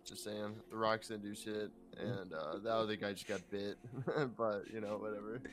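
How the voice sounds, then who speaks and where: A man playing a tabletop game who talks in an animated way, laughing and swearing a lot. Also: lowish voice, normal speed. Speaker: player. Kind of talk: casual tabletop play.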